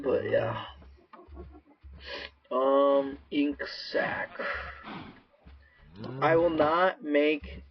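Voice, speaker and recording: A man doing gaming commentary, rambling to himself with profane, erratic outbursts and sudden yelling. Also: medium pitch, creaky. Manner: rambling self-talk. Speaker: gaming channel host. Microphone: laptop mic. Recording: dull lo-fi laptop mic.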